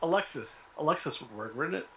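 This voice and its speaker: A man playing his character in a tabletop game, playful and stumbling in character. His tone is bright, with faint noise behind the voice. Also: mid-range voice, fairly quick. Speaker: player.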